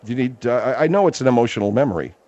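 A man hosting a comedy radio show, questioning a caller with lively, prodding questions. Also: mid-range voice, very fast. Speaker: radio host. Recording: dull radio broadcast with faint hiss.

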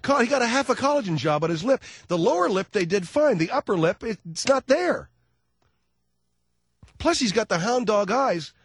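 A man's voice: high-pitched, big pitch swings, moderate pace, a little hiss or hum. A man hosting talk radio, rambling through a sardonic, self-mocking comic monologue into a studio microphone. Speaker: radio talk show host.

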